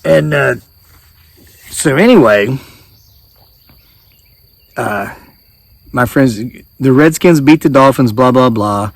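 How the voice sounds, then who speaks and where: A man in his forties with an Appalachian American accent, telling a story in a casual, animated way. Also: medium pitch, slow, gravelly, pauses often, no room sound. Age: 40s. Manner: animated, acts out voices in quotes. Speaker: homesteading vlogger.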